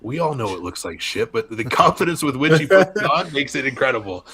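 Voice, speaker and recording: A young man from Arizona, a wrestler, chatting candidly as a podcast guest and telling lively stories. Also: medium pitch, fairly quick, slightly rough. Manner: candid storyteller, animated voices in anecdotes. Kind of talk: casual podcast interview.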